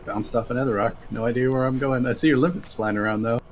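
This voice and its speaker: A man's voice: medium pitch, fairly even intonation, quick pace, slight background noise. A man playing a game with a friend, joking and reacting playfully. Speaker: co-op player. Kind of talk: casual gameplay chat.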